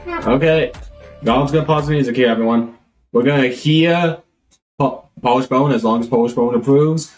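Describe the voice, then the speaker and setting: A man's voice: medium pitch, normal speed, a little mellow, faint music behind. A man live streaming, chatting casually and rambling as he thinks aloud, always calling himself Goblin in the third person.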